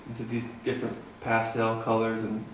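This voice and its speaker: A man from Manitoba telling a story between songs at a live concert, with laid-back, deadpan humor. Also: lowish voice, a little fast, slight background noise. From Manitoba, Canada. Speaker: singer-songwriter. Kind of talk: stage banter storytelling at a concert. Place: theater stage, live. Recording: echoey theater from far off with faint guitar.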